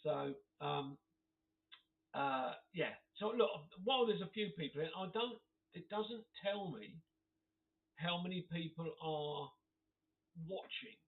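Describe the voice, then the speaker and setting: A man's voice: on the high side, animated, slow, pauses often. Friendly man, casual live-stream chatter, giggly, thin phone-quality recording. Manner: chatty, laughs often, reads out comments. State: occasional cough. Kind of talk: casual chat to live viewers. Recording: tinny phone-like audio.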